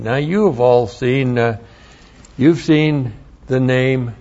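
Man, bible teacher, very slow deliberate delivery, spells words out, muffled lo-fi sound. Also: medium pitch, darkish tone. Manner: repeats key phrases for emphasis. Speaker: pastor.

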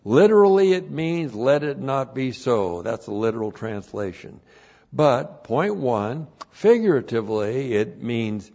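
A man teaching scripture in a sermon, emphatic and deliberate, laying out numbered points and repeating each one, on a dull lo-fi recording. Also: mid-range voice, animated, vocal fry, a little mellow. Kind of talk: verse-by-verse Bible teaching sermon.

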